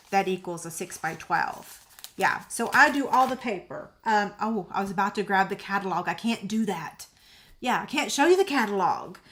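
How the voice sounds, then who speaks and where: A woman's voice: medium pitch, fairly bright tone. A middle-aged woman, hosting a crafting livestream and chatting casually with viewers by name.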